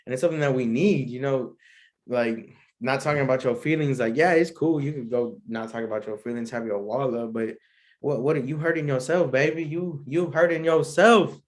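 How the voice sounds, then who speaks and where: A man's voice: medium pitch, a little fast. A young man, hosting a solo podcast in a laid-back, rambling way and laughing often. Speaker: podcast host. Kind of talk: casual solo podcast chat.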